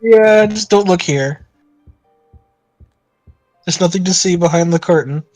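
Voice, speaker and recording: A man's voice: high voice, unhurried, darkish tone, dry recording, soft background music. A man co-hosting a game stream, chatting casually with joking, wry asides. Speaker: streamer co-host. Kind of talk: casual let's-play chat.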